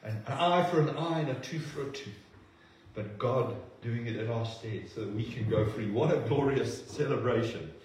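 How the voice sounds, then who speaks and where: A man preaching a sermon, shifting between forceful declarations and hushed, earnest moments. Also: medium pitch, normal speed. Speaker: pastor. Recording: echoey hall recording from a distance.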